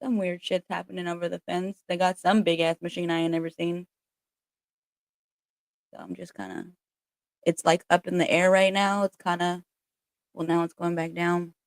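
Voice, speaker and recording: A woman's voice: on the low side, moderate pace, pauses often, clear, resonant tone, dry recording. A woman hosting a casual livestream chat as a spiritual reader at home, candid and chatty, with plenty of swearing. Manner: candid, chatty and profane, with frequent laughs. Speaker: spiritual reader and channel host.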